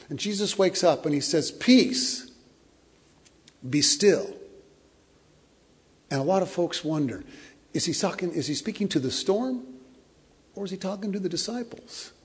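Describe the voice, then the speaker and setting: Husky male pastor preaching, repeats himself a lot, goes soft and slow, echoey big hall. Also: medium pitch. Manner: earnest, with many repeated words and drops to a soft, slow hush. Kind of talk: sermon. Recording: long hall reverb.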